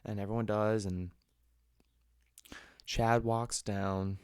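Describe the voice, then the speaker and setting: Young guy on his podcast, lowish voice, dry close sound, laughs and cusses a lot telling a story. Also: normal speed, dry recording. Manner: animated, laughs a lot, swears casually, acts out quotes. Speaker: podcast host. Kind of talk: casual storytelling.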